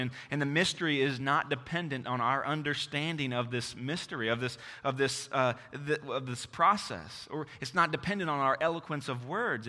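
A man's voice: mid-range voice, pushed and bright, in a large hall. A man preaching a sermon as pastor, earnest and exhorting, often restarting his phrases.

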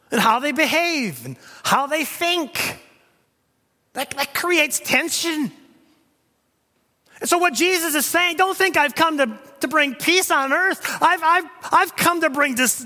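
A man's voice: very high voice, bright, forceful tone. A man preaching a sermon emphatically, often repeating words as he drives a point home. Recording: long hall reverb.

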